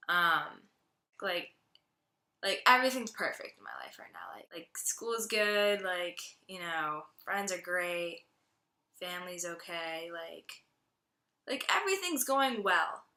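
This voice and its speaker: With a fairly low, sing-song voice that's pushed and bright, a young woman speaks at a slow pace amid roomy echo. The student recounts her faith testimony in a chatty manner, using "like" as a filler again and again.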